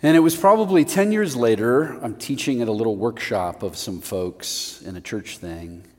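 A middle-aged male preacher telling a personal story in a sermon, animated and self-mocking. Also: mid-range voice, moderate pace. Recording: long reverb of a large hall.

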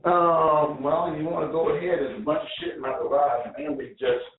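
A man's voice: fairly high pitch, moderate pace. A man calling in, chatting casually in a rambling, argumentative way over a tinny phone line.

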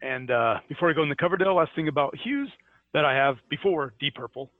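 A Scottish man chatting as a podcast co-host, sharing band anecdotes with plenty of "uh"s and laughs. His voice sits a little high. It comes through a thin, phone-like line. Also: quick pace, no echo. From Scotland. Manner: chatty storyteller with many "uh" fillers and laughs. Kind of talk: casual chat.

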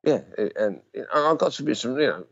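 A man's voice: medium pitch, big pitch swings, fairly quick, gravelly. A man tells casual stories as a guest, blunt and swearing freely. He comes through a video call, and the audio sounds dull and muffled. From Romford, England. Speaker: musician guest. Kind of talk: casual anecdote storytelling.

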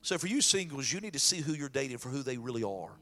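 A man's voice: medium pitch, lively intonation, fast. A man preaching a sermon in a folksy way and then praying aloud. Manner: folksy preaching, shifts into loud prayer. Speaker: pastor.

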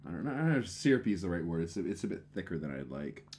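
A man co-hosting a boozy chat show, a little tipsy. His voice sits fairly low yet swings widely in pitch. He talks in an emphatic, profane way and gets excitable fast. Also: slight background noise. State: tipsy from drinking. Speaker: podcast co-host. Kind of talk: casual drinking-show banter.

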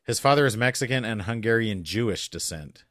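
Middle-aged male podcast co-host, deep low voice, dry close sound, rambling casual delivery. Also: expressive, brisk, a bit bright, no echo. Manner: rambling, trails off and restarts mid-thought. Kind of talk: casual chat.

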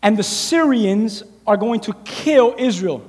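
A man's voice: high voice, lively intonation, unhurried, darkish tone, husky. A man preaching a sermon, animatedly acting out the scripture story as he tells it. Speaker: pastor. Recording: long reverb of a large hall.

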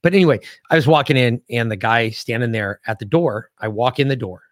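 A man's voice: medium pitch, brisk, dry recording, clean studio sound. A middle-aged man hosting a podcast, telling stories in casual chat with a profane, ranting manner. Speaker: podcast host.

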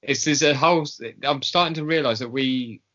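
A man co-hosting a podcast in casual chat, hesitant, filling pauses with ums. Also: mid-range voice, sharp tone, muffled recording. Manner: hesitant, lots of ums, often laughing. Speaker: podcast co-host.

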